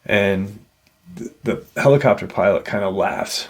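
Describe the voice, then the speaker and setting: A man with a low, gravelly voice retells a strange encounter for his show. He talks slowly and haltingly, filling the gaps with "you know" as he goes. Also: steady tone. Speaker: paranormal storyteller host.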